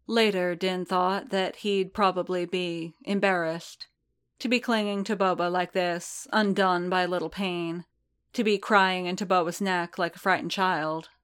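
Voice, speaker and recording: Slow, steady female storyteller. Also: fairly low pitch, clear, resonant tone. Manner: slow, measured, even reading. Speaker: audiobook narrator. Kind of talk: scripted narration of a story.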